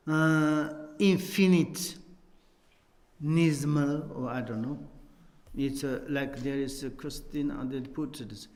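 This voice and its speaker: A man gives a Buddhist teaching at a very slow pace, his voice pitched a little high. His English is halting and non-native, full of restarts, and he jokes with his listeners. The hall is echoey, and a long reverb trails after his words. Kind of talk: teaching on a text, telling a story.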